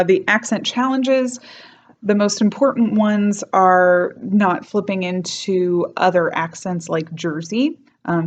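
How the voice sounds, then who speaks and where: A young woman, a teacher, explaining and slowly demonstrating accent sounds from her home in a chatty way. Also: mid-range voice, highs cut off. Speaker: dialect coach and teacher. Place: home, decorated for Christmas.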